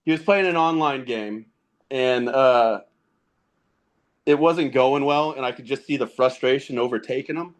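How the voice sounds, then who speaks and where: Man in his thirties, casual storyteller, laughs often, podcast guest, mid-pitched voice. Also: a little slow. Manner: laughs often while telling stories.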